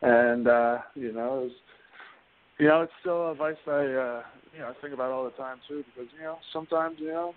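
A man's voice: medium pitch, fairly quick. A man being interviewed as a guest, telling stories in a loose, rambling way full of "you know" and "like". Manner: rambling, filler-heavy, constant "you know" and "like". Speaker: guest wrestler. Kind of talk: casual interview storytelling. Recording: phone line with faint hiss.

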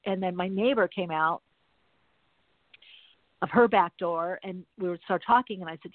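A woman's voice: lowish voice, moderate pace, pauses often, dry recording. A woman host talks in a loose, rambling, chatty way, spinning everyday stories for her listeners. Her voice comes through thin and tinny, like a phone line, with a close, dry sound and no room around it. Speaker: podcast host. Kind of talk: casual chat.

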